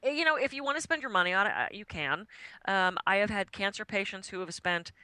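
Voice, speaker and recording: A woman being interviewed as a guest author, talking in an animated, chatty way and laughing often. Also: medium pitch, fast, dry recording, low-quality recording. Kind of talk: radio interview.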